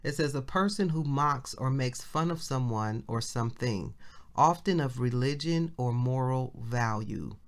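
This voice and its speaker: A woman minister gives an informal devotional Bible lesson in a chatty, everyday way. She reads the scripture slowly and circles back over its key phrases to explain them. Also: rumbling low, animated. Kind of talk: casual devotional Bible teaching.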